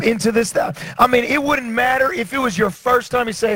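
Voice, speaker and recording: A man preaching a sermon, animated, often stammering and restarting, sometimes rising to shouts. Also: very high-pitched, fairly quick, few pauses, no echo. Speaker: pastor.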